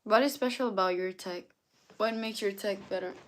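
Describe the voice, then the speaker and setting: A tired, yawning woman with a mid-range voice hosts a casual live stream at a moderate pace. As a livestreamer, she reads chat messages aloud and answers them.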